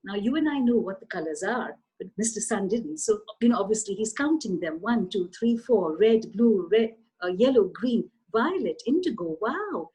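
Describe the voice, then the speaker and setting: Expressive husky woman telling a children's story. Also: mid-range voice, normal speed, few pauses, rough recording. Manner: expressive, lively, addresses listeners directly. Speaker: author and storyteller.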